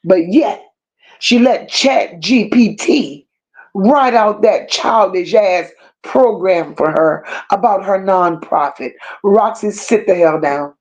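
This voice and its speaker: A woman hosting a commentary stream, talking in a slow, emphatic and scornful way and stopping to read viewer comments aloud. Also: mid-range voice, darkish tone. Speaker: commentary channel host. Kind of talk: unscripted livestream rant.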